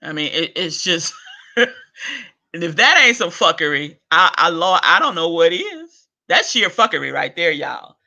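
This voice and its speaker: A man's voice: on the high side, sing-song, unhurried, vocal fry, bright, forceful tone. A man hosting a video rant, profane and exasperated, with chuckles between lines. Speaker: vlog host. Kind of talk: ranting monologue.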